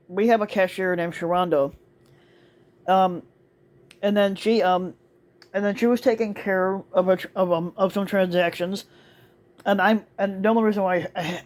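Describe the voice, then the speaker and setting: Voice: mid-range voice, darkish tone. A store cart attendant telling a work story in a casual monologue, rambling with lots of fillers, restarts and swearing.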